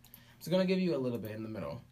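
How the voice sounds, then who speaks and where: A man's voice: mid-range voice, big pitch swings. A man hosting a casual podcast chat, swearing freely and holding forth emphatically. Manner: profane, emphatic, rapid storytelling.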